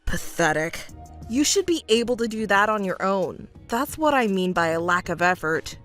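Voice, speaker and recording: Lightly acting, a woman pushes her voice down to play an arrogant young fiancé who scornfully scolds and looks down on his partner in a texting story. The voice is mid-range, animated and a bit bright, at normal speed, with soft background music.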